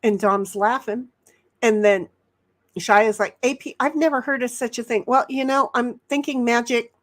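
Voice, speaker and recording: Casual livestream host, female, fairly high voice, rambling chatty delivery reading viewer comments. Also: fairly even intonation, moderate pace. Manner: rambling, reads chat messages aloud, frequent restarts. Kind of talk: casual chat.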